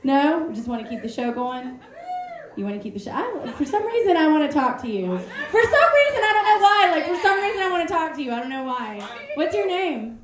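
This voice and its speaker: A woman's voice: high voice, big pitch swings, a little fast. A woman hosting a comedy show from the stage, chatting with the crowd and bringing up comedians. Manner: chatty, upbeat crowd banter. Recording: echoey club room with crowd.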